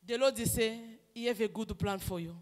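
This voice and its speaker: In a church hall with long reverb, a woman prophetess delivers personal prophecy in an impassioned, emphatic manner, swinging between loud declarations and soft asides. Her pitch is medium and her pace a little fast.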